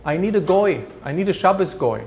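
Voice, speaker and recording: A man doing a gruff, haggling elderly community leader. The voice sits higher than the man's own and comes out strong and emphatic. He sounds tired of his duties yet sharp in bargaining. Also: animated, fairly quick, lo-fi sound, slight background noise. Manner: blunt, haggling.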